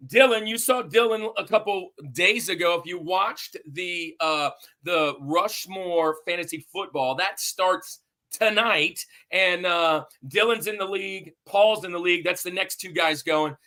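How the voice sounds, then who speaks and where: A man's voice: high voice, normal speed, pushed and bright. A man hosting a sports podcast in an upbeat, hype-building, somewhat rambling way. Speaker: podcast host.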